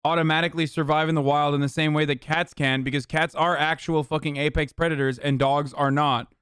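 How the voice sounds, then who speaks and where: Man, stream host, argumentative, swears a lot, smooth voice, dry. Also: on the high side, level tone, a little fast, fairly bright tone, no echo. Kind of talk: casual live-stream reaction.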